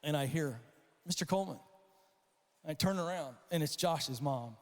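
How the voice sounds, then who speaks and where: A high-pitched man gives a storytelling keynote from a conference stage at a moderate pace. He's animated, throwing himself into the voices and shouts of the people he describes, and the large hall adds a long reverb.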